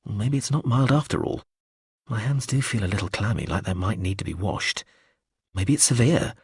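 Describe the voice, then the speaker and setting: A man's voice: on the low side, normal speed, a little mellow, slightly rough, no room sound, clean studio sound. A man narrating an audiobook in the first person, in a wry, fretful inner-monologue manner.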